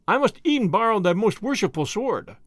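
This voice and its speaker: A man's voice: high-pitched, sing-song, moderate pace, no echo, voice pushed up. Man doing a bold hearty outlaw. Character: bold cheerful outlaw, big brave man.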